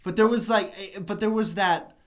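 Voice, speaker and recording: A man's voice: sits high, steady tone, normal speed, fairly bright tone, a little hiss or hum. A man co-hosting a casual podcast chat, rambling through tangents and dropping "like" constantly. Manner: rambling, full of "like" fillers and tangents. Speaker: podcast co-host.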